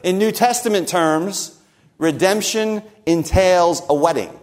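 Man, preacher, conversational sermon, slightly high voice, wry humor, rhetorical questions. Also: measured pace, a little mellow. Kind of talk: expository sermon.

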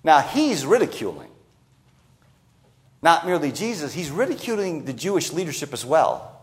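Guy with a high voice preaching, slows way down on the big lines. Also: big pitch swings. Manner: expository preaching, acts out quoted lines, slows for emphasis. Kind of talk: sermon.

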